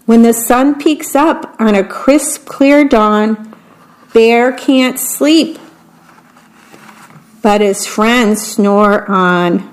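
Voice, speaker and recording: A woman reading picture books aloud, gently describing the pictures between the verses. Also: on the high side, very slow, long pauses, low-quality recording. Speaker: storybook reader.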